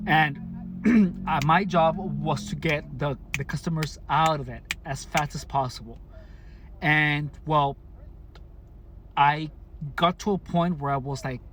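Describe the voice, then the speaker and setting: Halting man telling a personal story. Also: a little high, fairly bright tone, slight background noise. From Mexicali, Mexico. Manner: halting, many restarts and fillers, deliberate enunciation. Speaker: vlogger. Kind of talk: casual personal account to camera.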